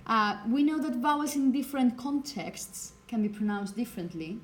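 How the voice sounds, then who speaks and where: High-voiced teacher explaining pronunciation. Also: female voice, animated, normal speed. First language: Spanish. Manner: explanatory, checks understanding with "okay?". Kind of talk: phonetics lecture to a class.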